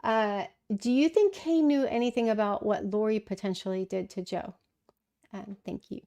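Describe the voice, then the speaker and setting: With a medium-pitched, dark-toned voice at normal speed, a middle-aged woman hosts a relaxed livestream. She considers viewer questions thoughtfully, often using fillers and starting her sentences over.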